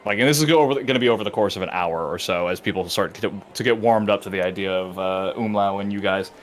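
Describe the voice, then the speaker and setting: Brief: low male game master, casual and halting, full of fillers and self-corrections. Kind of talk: narrating a tabletop game.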